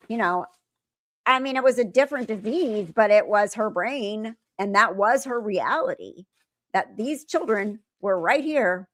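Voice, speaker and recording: A woman's voice: a little high, measured pace, fairly bright tone, no room sound, studio quality. A middle-aged woman hosting a live stream, chatting casually with her viewers and telling stories animatedly. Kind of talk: casual live commentary reading chat.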